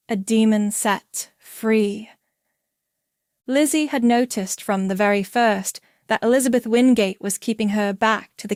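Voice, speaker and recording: A woman's voice: fairly high pitch, a little mellow, no echo. Woman narrating a story, dry close sound. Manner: clear, measured reading. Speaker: audiobook reader.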